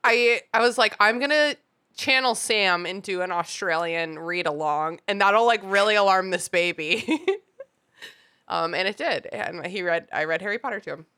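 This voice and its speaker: A woman with a bright, crisp voice chats casually as a podcast co-host. She rambles, laughs a lot and fills her talk with "like". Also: fairly low pitch, normal speed. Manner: giggly, rambling, lots of "like". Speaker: nanny. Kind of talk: casual chat.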